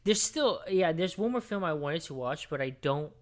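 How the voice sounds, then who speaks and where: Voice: mid-range voice, expressive, normal speed. A podcast co-host giving a long, rambling movie recap that is full of swearing, fillers and restarts. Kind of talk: casual podcast chat.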